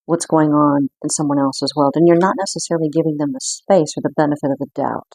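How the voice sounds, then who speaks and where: A woman giving an intuitive card reading in an earnest, reflective way, with frequent pauses. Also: low voice, fairly even intonation, a little mellow, a little hiss or hum. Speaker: spiritual card reader.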